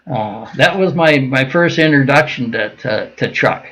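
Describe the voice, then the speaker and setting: Animated yet measured in pace, the older veteran from Minnesota has a mid-range, fairly bright voice. He tells long stories as a casual interview guest, rambling with frequent fillers and restarts; the recording quality is low.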